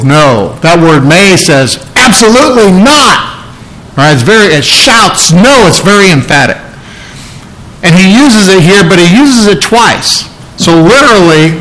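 A middle-aged male preacher giving a conversational sermon, often restarting phrases and clearing his throat. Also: on the high side, fairly bright tone, rough recording.

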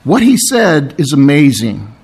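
Male pastor, sermon, slightly high voice, strained, throat-clearing, explanatory. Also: big pitch swings, unhurried, darkish tone. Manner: explanatory, asks "okay?" and "all right?" for agreement. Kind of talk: sermon, Bible teaching.

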